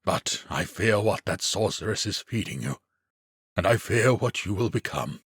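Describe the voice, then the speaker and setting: A man's voice: low-pitched, lively intonation, normal speed, a bit bright, slightly rough, no echo, studio quality, heavily acted. A man voicing a trembling, drained old mage. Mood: remorseful. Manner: trembling, pleading. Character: aging male mage, shaken and trembling.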